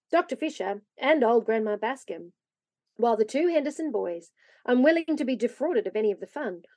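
A woman reading a classic children's story aloud, expressive and lively. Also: a little high, no room sound. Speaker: reader.

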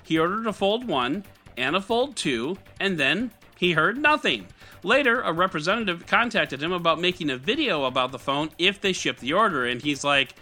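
A man's voice: high-pitched, very animated, normal speed, sharp tone, soft background music. A man hosting a scripted tech news podcast with a wry, sarcastic delivery. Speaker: podcast host.

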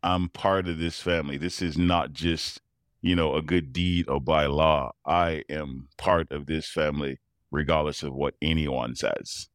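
A man's voice: extremely low pitch, measured pace, no room sound, studio quality. A middle-aged man, a professional tuba player, telling personal stories in a casual interview, acting out quoted voices and laughing often. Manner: animated storyteller who acts out quoted voices and laughs often.

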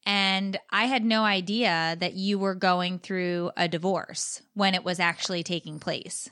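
A woman hosting a podcast. Her voice is bright and forward, at a middle pitch, and the sound is dry and close. She guides the conversation with an easy manner. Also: fairly even intonation, a little slow, clean tone, no echo. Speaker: podcast host. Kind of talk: podcast interview.

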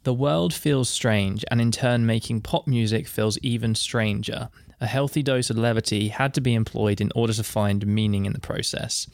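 A man's voice: mid-range voice, moderate pace, vocal fry, hardly any pauses, dry recording, clean studio sound. A man co-hosting a casual music podcast, reading out definitions and quotes and laughing easily. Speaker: podcast co-host.

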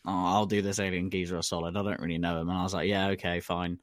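A man's voice: low-pitched, level tone, quick pace, dry recording. A man co-hosting a comedy podcast, telling a story in a laid-back, slangy way. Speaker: podcast co-host. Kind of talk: casual chat.

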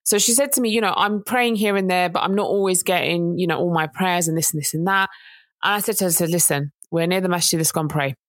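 A woman's voice: fairly low pitch, fast talker, no echo. A woman, co-hosting a casual chat and telling a story in an earnest way that rises to indignant emphasis. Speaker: podcast co-host.

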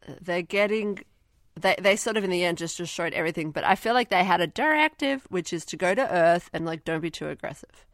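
A woman's voice: lowish voice, lively intonation, a little fast, dry recording, clean studio sound. A woman co-hosting a casual movie review podcast, sarcastic and swearing, acting out characters in silly voices. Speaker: podcast co-host.

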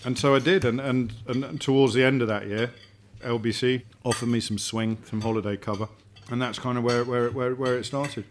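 Mid-life man, mid-pitched, rambling storyteller, faint background noise. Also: fairly even intonation, brisk. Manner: storytelling, repeats words when thinking. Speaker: guest. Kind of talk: casual dinner-table chat. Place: home dining room.

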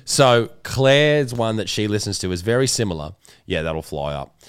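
A man's voice: fairly low pitch, sing-song, moderate pace, smooth. A man hosting a podcast, chatting casually with swearing, joking banter. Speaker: podcast host. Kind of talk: casual chat.

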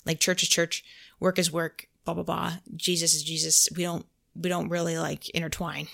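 Woman with a slightly low voice. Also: little pitch movement, normal speed, gravelly, fairly bright tone. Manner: storytelling, heavy use of "like", quotes her own prayers aloud. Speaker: podcast host. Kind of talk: casual faith podcast chat.

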